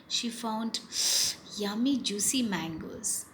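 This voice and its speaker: A woman telling a story to young children in an animated way, with gasps and animal sounds. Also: a little high, takes it slowly, a little hiss or hum.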